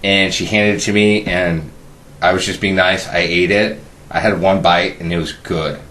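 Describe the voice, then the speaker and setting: A man's voice: sits low, fairly even intonation, moderate pace, a bit bright, slight background noise. A man hosting a podcast, rambling casually with lots of fillers and crude jokes. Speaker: podcast host. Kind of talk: casual chat.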